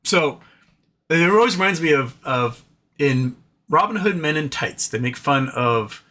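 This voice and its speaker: A man hosting a live stream, talking fast and loosely, with many fillers and restarts. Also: on the high side, lively intonation, bright, forceful tone. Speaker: livestream host. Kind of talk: casual live-stream chat.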